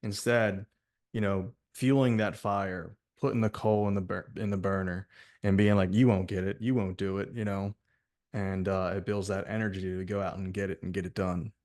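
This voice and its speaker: A man's voice: deep voice, flat delivery, normal speed, a little mellow. A man hosting a podcast, asking long, easygoing questions and affirming what his guest says. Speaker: podcast host. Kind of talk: casual interview.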